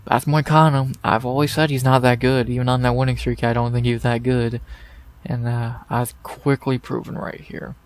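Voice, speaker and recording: A man's voice: medium pitch, level tone, normal speed. A man hosting a casual fight recap, blunt and profane, ranting in exasperation into a desk microphone. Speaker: MMA podcast host.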